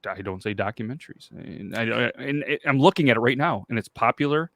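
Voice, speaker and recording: A man's voice: mid-range voice, expressive, quick pace, no room sound, studio quality. A man hosting a podcast, rambling casually and swearing in loose banter. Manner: rambling, swearing, self-conscious. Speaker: podcast host.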